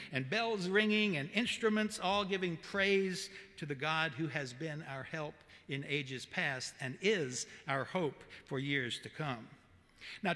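Pastor, male, Southern accent, high bright voice, earnest measured sermon, long church reverb. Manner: earnest, measured preaching with emphatic repetition. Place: church sanctuary.

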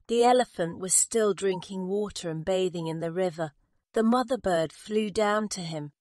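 A woman's voice: medium pitch, a little mellow, no room sound, studio quality. A woman narrating a simple graded reader story in a careful, plain way. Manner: slow, careful, simple wording.

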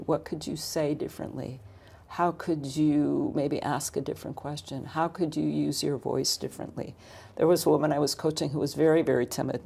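Woman coach in an interview, dark husky voice, explains stuff in lists. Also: low voice. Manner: explanatory, builds points in lists and rhetorical questions. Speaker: leadership coach and author.

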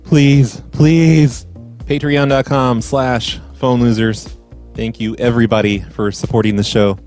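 A man with an ordinary mid-pitched voice hosts a podcast in a casual, sarcastic, deadpan tone. He swears freely as he reels off sponsors and supporters, with faint music behind him. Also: a little slow. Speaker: podcast host.

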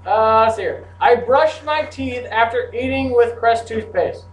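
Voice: mid-range voice, a little slow. Playful teacher, echoey classroom from afar. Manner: playful, jokey asides. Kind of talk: classroom grammar lesson. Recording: echoey classroom from far off, faint hum.

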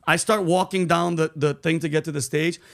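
A man hosting a casual podcast, telling stories in a profane, animated way, full of bro and dude. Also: on the high side, brisk, gravelly. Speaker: host.

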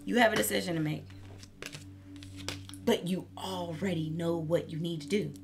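A woman's voice: lowish voice, moderate pace, vocal fry, music in the background. A woman giving a casual tarot reading, candid and profane, laughing often as she talks. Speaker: tarot reader.

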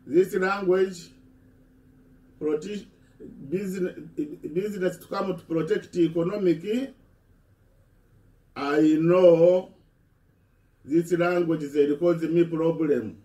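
Man, halting impassioned speech, mellow tone, distant echoey recording. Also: high voice. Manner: halting, repeats words and restarts.

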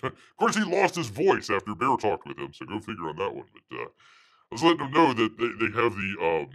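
Gravelly, swooping male livestream host. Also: medium pitch, fairly bright tone. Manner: rambling, refers to himself in third person as Bear; halting, full of fillers and restarts. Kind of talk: casual livestream commentary.

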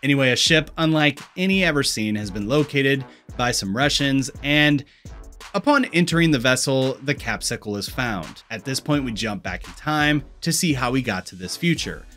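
A man's voice: mid-range voice, expressive, normal speed, sharp tone, soft background music. A man with a Missouri accent narrating a scripted film commentary with wry, sarcastic asides. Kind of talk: scripted video-essay commentary.

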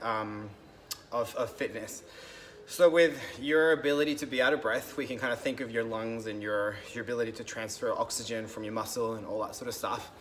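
A young man talks through a fitness idea in a relaxed, unscripted way, pausing on ums and restarting his sentences. His voice sits at an ordinary middle pitch. A faint hiss of noise stays under the recording. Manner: loose and conversational, many ums and restarts. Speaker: fitness coach. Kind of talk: casual explanatory talk to camera.

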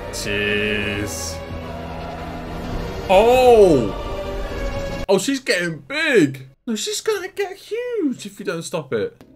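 A man, hosting a reaction video, excitable and laughing with lots of exclamations. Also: sits high, slow pace, faint music behind. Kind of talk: live reaction commentary.

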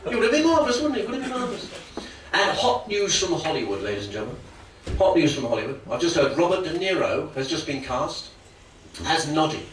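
A man doing stand-up comedy, jokey and lively, often slipping into put-on voices. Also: a little high, a little fast, background noise. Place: comedy club stage. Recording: roomy club sound from far off. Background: audience laughter.

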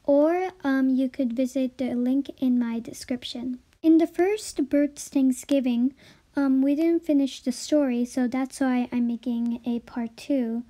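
A woman's voice: sits high, fairly even intonation, a little slow, warm tone. A woman reading a story aloud for her channel, with a plain, careful delivery. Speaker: story reader.

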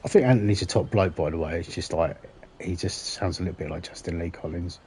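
A man talks to his viewers during a game livestream. His voice sits a little low and sounds soft and warm. He rambles, swears freely and laughs at his own jokes. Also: fast, slight background noise. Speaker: gaming livestreamer. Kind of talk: casual livestream chat while playing.

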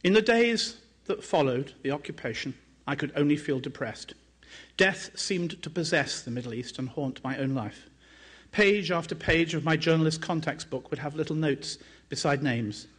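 A man, an author and journalist, reading excerpts from his own book aloud in a measured, dramatic way, raising his pitch for quoted speech. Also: animated, a bit bright, husky.

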